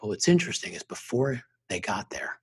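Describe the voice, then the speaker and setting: A middle-aged man with a strongly husky, rough-edged voice, speaking as an interview guest. He talks like a motivational speaker, emphatic and intense, driving his points home with punchy, repeated phrases. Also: fairly low pitch, big pitch swings, a little fast. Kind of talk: emotional personal storytelling.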